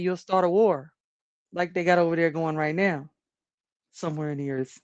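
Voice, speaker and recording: A woman's voice: sits low, fairly even intonation, normal speed, long pauses, darkish tone, dry recording. A woman hosting a casual livestream, rambling about everyday topics, laughing often and chatting with viewers. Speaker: livestream host.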